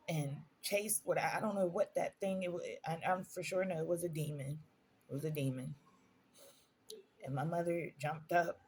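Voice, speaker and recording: A woman's voice: lowish voice, slight background noise. A woman vlogger telling personal stories in a casual storytime monologue, earnest and emphatic, repeating phrases for stress.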